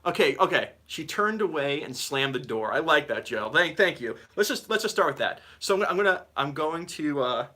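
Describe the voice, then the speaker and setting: A man's voice: fairly high pitch, expressive, moderate pace, few pauses, sharp tone. A man teaching guitar on a live stream, giggling and rambling as he reads the chat, with guitar playing behind.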